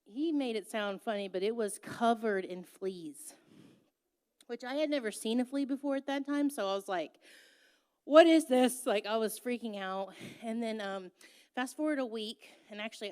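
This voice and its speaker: A woman's voice: mid-range voice, normal speed, a little mellow, smooth. Young woman telling a candid story. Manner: candid, self-mocking, laughing. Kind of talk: personal storytelling.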